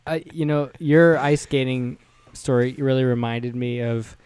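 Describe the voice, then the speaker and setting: A man's voice: medium pitch, level tone, unhurried, darkish tone, smooth. A young man co-hosting a casual podcast chat, teasing his friend and laughing often. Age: young adult. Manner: teasing, laughing, mock voices for jokes. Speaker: podcast co-host.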